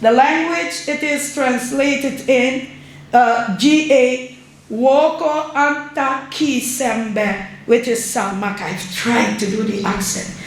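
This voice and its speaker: A middle-aged woman from Suriname, giving an unhurried, conversational guest lecture as an ambassador and often checking in with her audience. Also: on the high side. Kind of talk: public lecture. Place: large university lecture hall. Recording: very echoey hall, faint room ambience.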